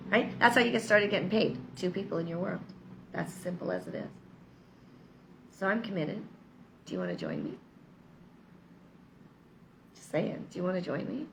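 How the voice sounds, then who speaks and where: Gravelly-voiced woman, chatty and upbeat. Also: mid-range voice, very animated, moderate pace, pauses often, background noise. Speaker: vlogger. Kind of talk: casual motivational vlog. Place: lives in Mexico.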